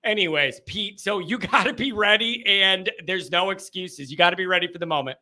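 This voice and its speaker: Male call-in host, high bright voice, hyped and riffing. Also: brisk. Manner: hyped, loud, riffing storyteller. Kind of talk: excited live call-in chat.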